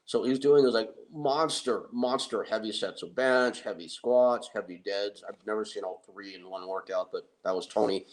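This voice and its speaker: Lower-voiced middle-aged man, animated storyteller, laughs at himself. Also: normal speed. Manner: animated, self-deprecating, laughs often. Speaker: wrestling and MMA manager. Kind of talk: anecdotal storytelling.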